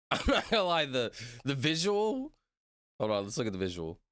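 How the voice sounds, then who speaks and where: A man's voice: medium pitch, huge pitch swings, normal speed, fairly bright tone, clean tone, no echo. A man chatting casually on a livestream, rambling, laughing often and apologizing a lot to his chat. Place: at his computer streaming.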